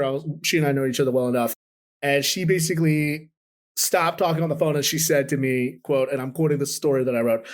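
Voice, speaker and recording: A man who is a political reporter, telling stories from the Capitol in a conversational interview, animated and full of restarts. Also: fairly high pitch. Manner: animated, quotes people in lively voices, many restarts.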